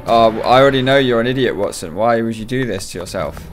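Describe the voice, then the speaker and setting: A man's voice: mid-range voice, fast, faint music behind. A man commentating his gameplay, exasperated, sarcastic and swearing. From United Kingdom. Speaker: let's play gamer.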